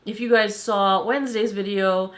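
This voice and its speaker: A woman in her forties, slightly hoarse, giving a chatty, enthusiastic makeup review as a vlogger and laughing often. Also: mid-range voice, fairly even intonation, moderate pace, a bit bright. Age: 40s. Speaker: beauty vlogger.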